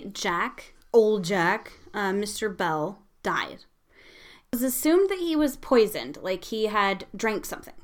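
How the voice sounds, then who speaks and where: A woman hosting a show, telling a spooky story in a casual, rambling way with lots of fillers and the odd curse. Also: medium pitch. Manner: rambling and chatty, with frequent fillers and casual swearing.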